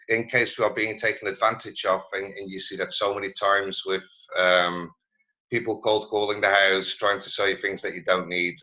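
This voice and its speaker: A man giving a presentation over a video call, halting and searching for his words as he goes. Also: lowish voice, sharp tone, highs cut off. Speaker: presenter at a learning network meeting. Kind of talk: online meeting presentation.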